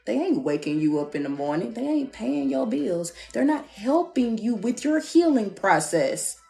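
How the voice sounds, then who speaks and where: Blunt, animated woman reading for viewers. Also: on the high side, moderate pace, creaky, soft background music. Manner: blunt, animated advice with playful asides. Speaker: tarot reader. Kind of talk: live-streamed love reading. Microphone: phone.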